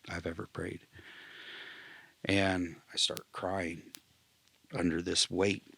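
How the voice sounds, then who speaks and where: In a low-pitched voice, a male military veteran gives an emotional personal testimony, often dropping to a hushed near-whisper and clearing his throat. The recording is dry.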